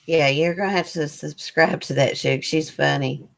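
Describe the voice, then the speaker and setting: Woman, low voice, easygoing live-chat host, reads comments aloud. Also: moderate pace, creaky. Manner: loose, rambling with fillers. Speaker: livestream host.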